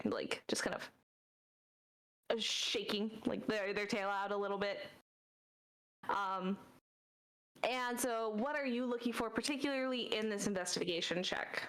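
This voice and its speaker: A woman's voice: mid-range voice, fairly bright tone, rough recording. Casual woman running a tabletop game. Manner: casual, loose with many fillers. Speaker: game master.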